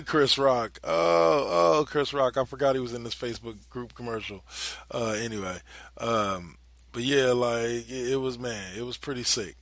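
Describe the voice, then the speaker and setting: A man talks through a podcast in a loose, animated way, with laughing asides and plenty of profanity. His voice is bright and forceful. The sound is dry and close. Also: mid-range voice, no echo. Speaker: podcast host. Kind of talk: casual commentary.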